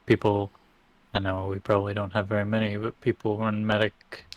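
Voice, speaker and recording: A man's voice: lowish voice, completely flat delivery, a little fast. A man playing a tabletop game, speaking in a matter-of-fact way. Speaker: player.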